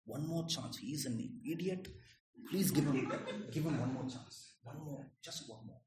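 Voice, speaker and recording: A man voicing a meek advocate who pleads softly before a judge for one more chance, in a hushed and drawn-out way. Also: on the high side, very echoey, far from the mic, a little hiss or hum, voice pushed down, close to an everyday voice. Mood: pleading.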